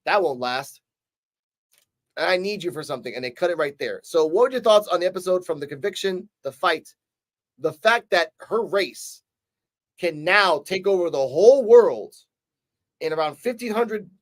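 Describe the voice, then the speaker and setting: An animated man chatting through an episode recap, his voice sitting a little high. He acts out moments in quick voices and talks casually, with the odd swear. A relaxed review chat. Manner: casual, swears now and then. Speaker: show reviewer.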